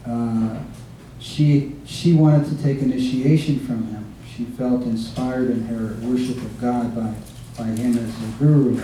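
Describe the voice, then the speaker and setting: A man giving an informal devotional remembrance talk, halting often with fillers and restarts as he recalls stories. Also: mid-range voice, steady tone, dark tone. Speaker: guest speaker. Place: devotees' home, recorded from across a room. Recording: echoey room from far off, faint hiss.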